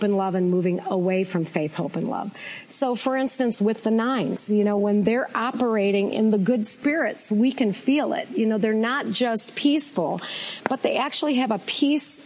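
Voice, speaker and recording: An American woman co-hosting a faith talk show, teaching in a casual, folksy, animated way. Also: medium pitch, rough recording. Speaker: co-host teaching faith and personality types.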